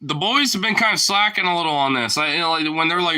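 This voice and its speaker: A man's voice: quick pace, few pauses, bright, forceful tone, poor audio. A young man vlogging casually, swearing and using slang, chatting to the camera and talking to his dogs. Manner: swearing, slangy, slips into high baby talk with his dogs.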